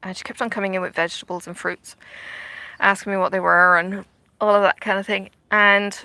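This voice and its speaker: A woman's voice: mid-range voice, level tone, brisk, sharp tone, no echo. A middle-aged woman, chatting casually while she stitches outdoors in the sun, rambling with many fillers and dropping into half-whispered asides. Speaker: vlogger.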